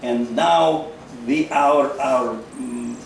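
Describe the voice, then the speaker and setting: A man, giving a halting personal testimony in an interview, full of fillers and repeats. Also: mid-range voice, creaky, slight background noise. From Carpatho-Ruthenia, Eastern Europe. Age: 90s. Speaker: interview guest, Holocaust survivor. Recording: echoey room, mic at a distance.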